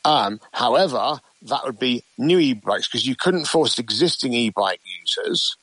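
A man, a campaigner, speaking haltingly with many restarts in a radio interview. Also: medium pitch, fairly bright tone, dry recording, low-quality recording. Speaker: campaigner guest. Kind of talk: phone-in interview.

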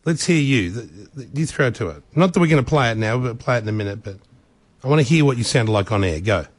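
Brash Australian male radio host, crude and teasing, animated delivery. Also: mid-range voice, fast talker, no echo.

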